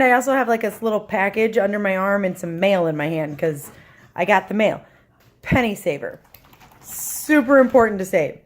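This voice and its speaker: A woman telling a story to her camera at home, animated, acting out voices and sound effects. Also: fairly high pitch.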